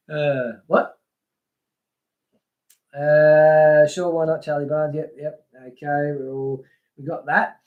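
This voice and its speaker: A man's voice: on the high side, level tone, very slow, pauses often, phone-quality sound. Chatty man hosting a live stream. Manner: chatty, laughs often, reads out chat names. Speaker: livestream host. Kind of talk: casual live-stream chat.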